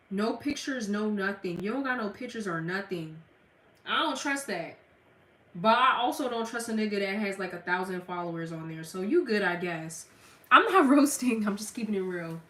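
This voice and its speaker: This young streamer from the Gulf Coast speaks with a Southern American accent, laughing often and addressing her chat bluntly with plenty of slang. Her voice is medium-pitched and a bit bright. The sound is echoey, picked up by a distant microphone.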